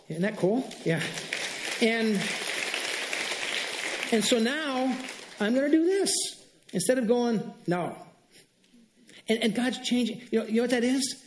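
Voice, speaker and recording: High-voiced fast-talking male pastor. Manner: animated storytelling, exclaims and laughs. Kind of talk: sermon.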